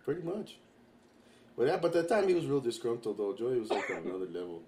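A man's voice: mid-range voice, fast talker. A man, co-hosting a casual group chat, teasing a friend and acting out what he said. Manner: animated teasing, laughs while talking, acts out quotes. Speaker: podcast co-host. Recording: faint background noise.

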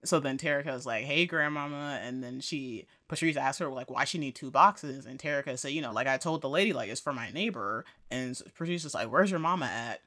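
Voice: medium pitch, a little fast, hardly any pauses, pushed and bright. A podcast co-host casually recapping a TV episode, quoting the characters and laughing often.

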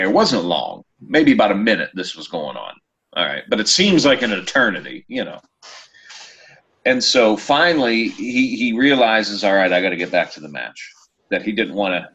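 Animated low-voiced man telling a story. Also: dull audio. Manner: animated storyteller, loud acted-out quotes. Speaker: podcast host. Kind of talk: casual storytelling chat.

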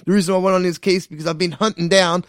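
A man's voice: high-pitched, flat delivery, fast, no echo, clean studio sound, natural voice. A man playing an earnest male detective who keeps calling his boss "Chief" while begging to join a case. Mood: pleading. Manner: repeats "Chief" after every line.

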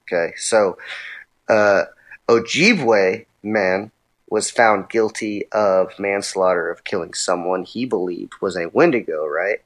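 A man's voice: low voice, takes it slowly, rough recording. A man co-hosting a casual podcast chat, talking hesitantly with many fillers and reading quotes aloud. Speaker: podcast co-host.

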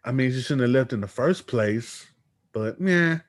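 A man talks wrestling in a relaxed podcast chat, reading out quotes in an easy, unhurried way. His voice sits at a middle pitch. The recording is dry and close, with no room sound. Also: no room sound. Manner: reads news quotes aloud, easygoing. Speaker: podcast co-host.

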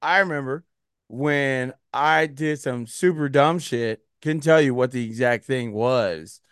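A man's voice: medium pitch, a little slow, a bit bright, clear, resonant tone, no echo, clean studio sound. A man hosting a podcast in casual, joking chat, asking his co-host questions.

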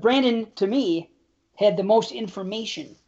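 A man's voice: high voice, moderate pace, darkish tone, muffled recording. Blunt, swearing man in casual chat. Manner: blunt and swearing, self-deprecating. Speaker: podcast co-host.

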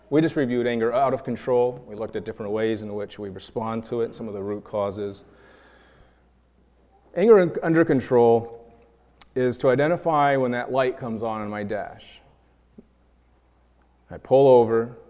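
A preacher from New York giving a lively sermon, acting out quoted voices and repeating words as he builds his points. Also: fairly low pitch. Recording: long reverb of a large hall.

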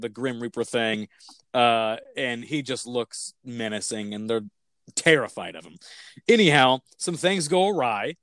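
An excited man chats on a podcast, wandering off into tangents as he gushes about a movie. His voice sits at a middling pitch. The recording is dry and close, with no room sound. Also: no echo. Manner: enthusiastic, rambling with fillers and tangents. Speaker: podcast host reviewing films. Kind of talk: casual chat.

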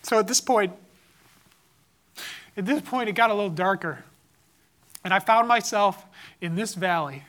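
A man's voice: high voice, a little slow, pauses often, a bit bright. A man giving an earnest, impassioned sermon-style testimony, telling a personal story about his son. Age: adult father.

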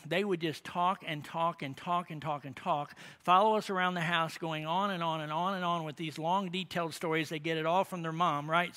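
A middle-aged male preacher tells a family story as sermon storytelling, folksy and rambling, full of asides and tag questions. His voice is high-pitched with a sharp tone.

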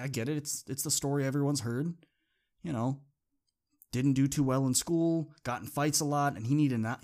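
A man's voice: medium pitch, darkish tone, slightly rough. A man hosting a motivational podcast, telling a personal story in an earnest, conversational way and repeating phrases for emphasis. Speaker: podcast host.

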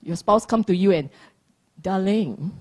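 Slow, husky woman giving a dharma talk. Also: medium pitch, big pitch swings, a little mellow. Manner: playful, teasing, laughs often. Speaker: dharma teacher.

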